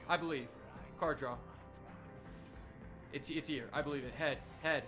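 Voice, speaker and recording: Young man, game streamer, casual rambling commentary, fairly high pitch, bright edgy tone. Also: unhurried, pauses often, faint music behind. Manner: excitable, swings from quiet muttering to loud shouting. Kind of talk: live gameplay commentary and storytelling.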